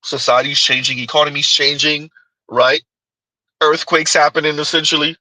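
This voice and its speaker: A man's voice: on the high side, steady tone, normal speed, sharp tone, no echo, low-quality recording. A man hosting a reaction commentary, talking rhetorically and often asking his audience "huh?". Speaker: commentary channel host.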